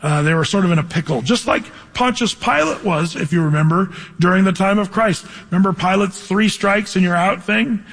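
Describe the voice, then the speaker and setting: High-voiced husky male pastor. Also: a little fast, few pauses, a bit bright, long reverb tail. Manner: conversational, reads scripture aloud and asks the congregation questions. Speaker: pastor teaching a Bible study. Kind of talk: verse-by-verse sermon.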